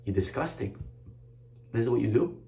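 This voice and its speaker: A man voicing the evil inclination as a male spirit, quiet, scornful and taunting. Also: mid-range voice, expressive, moderate pace, vocal fry. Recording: roomy echoey room.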